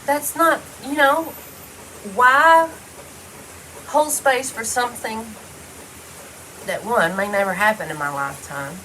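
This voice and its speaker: A woman's voice: on the high side, slow pace, long pauses, sharp tone, slight background noise, low-quality recording. A woman talking straight to the camera in a casual personal monologue, blunt and heavily profane, rambling loosely from one thought to the next. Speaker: vlogger.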